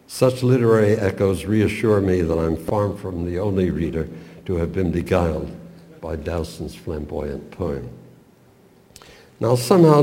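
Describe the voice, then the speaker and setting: An older man giving a measured, professorial talk on a poem, with small stumbles now and then. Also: low voice, warm tone. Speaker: literature lecturer. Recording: long reverb, roomy hall.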